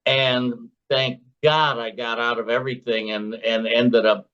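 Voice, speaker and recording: A man's voice: medium pitch, flat delivery, unhurried, pushed and bright, clear, resonant tone, dull audio. A man in his sixties from Chicago, a former floor trader being interviewed, telling anecdotes in a chatty way and acting out the voices of the people in his stories. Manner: chatty anecdotal storyteller who acts out his own and others' quoted lines. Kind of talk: casual interview storytelling.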